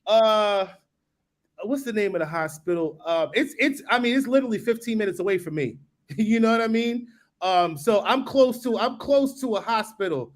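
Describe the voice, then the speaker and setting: A man's voice: sits high, lively intonation, normal speed. A man on a live stream talking casually and rambling, often asking "you know what I mean?". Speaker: guest building in the Caribbean.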